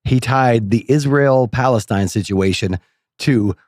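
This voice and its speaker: Man, easygoing comedy podcast co-host, mid pitch, dry studio sound. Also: a little slow, darkish tone, no room sound. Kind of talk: casual comedic chat.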